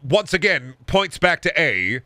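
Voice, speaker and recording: A man's voice: fairly high pitch, sing-song, measured pace, sharp tone, dry recording. Tired midwestern dude in his 20s streaming games, jokey and crude, dry close mic sound. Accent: Midwestern American. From Iowa, US Midwest. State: sleep-deprived. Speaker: gaming streamer. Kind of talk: casual livestream commentary.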